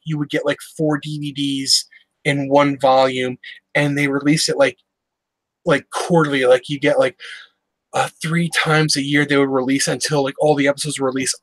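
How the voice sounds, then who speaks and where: A man's voice: a little high, dry recording, rough recording. A man chatting casually about his collection, telling a story with lots of swearing and acted-out back-and-forth. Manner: excited, profane storytelling with quoted exchanges. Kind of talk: casual chat.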